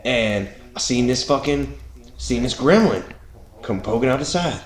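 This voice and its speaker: A man's voice: medium pitch, expressive, unhurried, reverberant. A man co-hosting a casual podcast chat, joking and laughing, often slipping into mock voices for the people he quotes. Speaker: podcast co-host.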